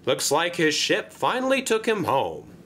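A man's voice: a little high, wildly swooping pitch, measured pace, fairly bright tone, a little hiss or hum, pitched above the performer's own voice, heavily acted. A man doing a stern, scolding railway boss.

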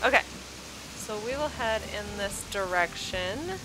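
An expressive woman with a mid-range voice speaks a little slowly, gushing over a game island during a video tour despite sounding sleepy and yawning. There's background music and a noisy environment behind her casual commentary.

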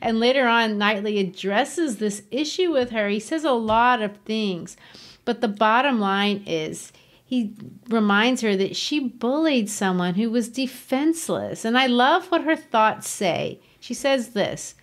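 A woman's voice: on the high side, animated, a little slow. A woman hosting a podcast, explaining a novel in an earnest, emphatic way. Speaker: podcast host. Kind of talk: literature discussion.

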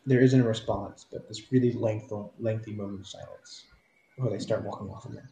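A man's voice: on the low side, fairly even intonation, fairly quick, creaky, dark tone. Brief: male game master, casual narration, roomy sound. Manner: descriptive, with fillers.

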